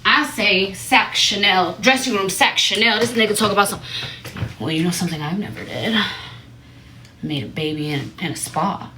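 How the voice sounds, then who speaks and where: A woman livestreaming, telling a story to her viewers in a blunt, profane, animated way, often into a phone mic. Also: mid-range voice, normal speed, slight background noise. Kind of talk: casual storytelling to a live audience.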